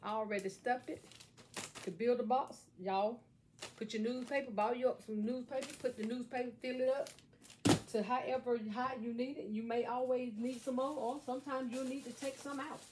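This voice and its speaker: A woman's voice: on the high side, steady tone, normal speed, noisy background. A middle-aged woman chatting folksily to her viewers while showing a craft at home, recorded on a camera set on a table. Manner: folksy, playful, talks straight to viewers. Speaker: craft vlogger. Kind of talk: chatty how-to vlog. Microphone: camera on a stand at a table.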